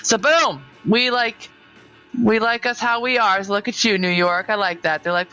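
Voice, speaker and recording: A woman's voice: on the high side, fairly even intonation, normal speed, sharp tone, faint music behind, low-quality recording. A young woman co-hosting a casual podcast, joking loosely and slipping between regional ways of talking. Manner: loose, joking, profane, drifts between accents. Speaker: podcast co-host. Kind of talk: casual chat.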